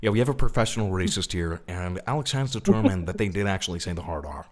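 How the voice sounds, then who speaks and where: A man's voice: low voice, expressive, quick pace. Laughing incredulous streamer man. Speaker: commentary streamer. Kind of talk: live reaction commentary.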